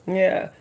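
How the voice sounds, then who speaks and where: A woman's voice: a little high, darkish tone. A woman from Pittsburgh with a Pittsburgh accent, chatting casually on a tarot reading livestream and often repeating herself. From Pittsburgh, USA. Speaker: tarot reader.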